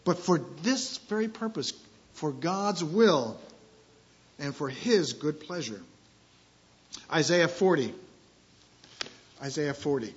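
A man preaching a sermon, repeating key phrases and swinging from quiet asides to loud, emphatic scripture reading. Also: on the high side, animated, slow, long pauses, highs cut off.

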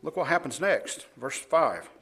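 A man's voice: on the high side, unhurried, gravelly, husky. A man preaching a sermon, reading scripture aloud with emphasis and chuckling often. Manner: animated, laughs often, reads verses louder.

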